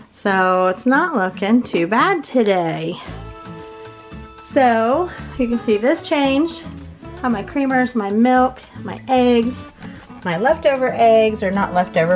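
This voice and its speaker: Casting: fairly high-voiced woman vlogger, chatty and rambling, a little breathless, soft music beneath. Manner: chatty, rambling, quick and upbeat. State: a bit out of breath. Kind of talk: casual grocery haul chat.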